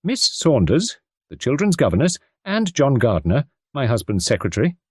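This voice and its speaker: A man's voice: medium pitch, wildly swooping pitch, normal speed, a little mellow, husky, dry recording, studio quality, voice pushed up. A man voicing a worried upper-class mother with urgent, pleading speech in an audiobook reading. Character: anxious upper-class English mother, earnest.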